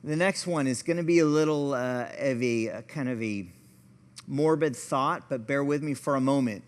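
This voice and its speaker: A man's voice: medium pitch, moderate pace, big-room sound. A man, a pastor and therapist, teaching a church class in a conversational, storytelling way, often poking fun at himself. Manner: conversational, storytelling, self-deprecating. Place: church hall.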